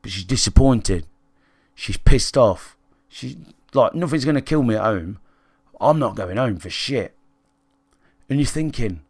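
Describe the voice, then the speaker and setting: A man's voice: medium pitch, expressive, moderate pace, pauses often, a little mellow, dry recording, studio quality. A British man livestreaming, telling a candid story to his chat in a blunt, sweary, conversational way and checking in with listeners. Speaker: gaming livestreamer.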